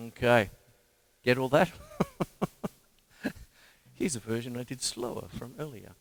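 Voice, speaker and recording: A man with an Australian accent giving a casual, jokey drum lesson and counting the stickings out loud. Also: mid-range voice, slow. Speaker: drum teacher. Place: home drum studio. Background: loud drum kit playing.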